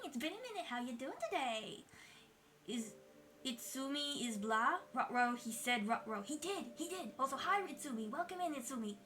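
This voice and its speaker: A young woman streamer chatting casually with her viewers while drawing, excitable and chatty, swearing freely. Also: sits high, normal speed, a little hiss or hum.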